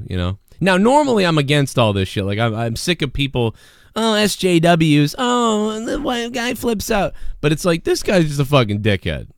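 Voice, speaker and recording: A man hosting a live show, reacting to a video in a rambling, profane way and now and then shouting mocking impressions. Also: medium pitch, dry recording. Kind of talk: casual profane commentary.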